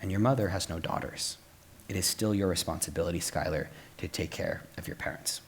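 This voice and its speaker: Stern elderly grandmother, family matriarch, flat and matter-of-fact, as a young man quotes her. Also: deep voice, fairly quick, a little hiss or hum, pitched below the performer's own voice.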